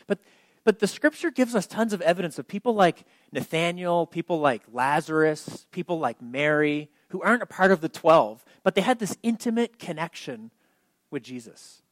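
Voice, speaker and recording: A man preaches in a relaxed, conversational way, often restarting a phrase and pushing hard on key points. He asks his listeners direct questions as he goes. His voice sits a little high for a man and is recorded dry and close, with no room sound. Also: moderate pace, no echo. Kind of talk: informal sermon.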